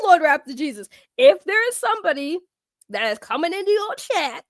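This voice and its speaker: High-voiced woman ranting on a livestream. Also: no echo, studio quality. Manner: animated, talks back to chat, swears and laughs. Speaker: livestream host. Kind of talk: casual livestream rant.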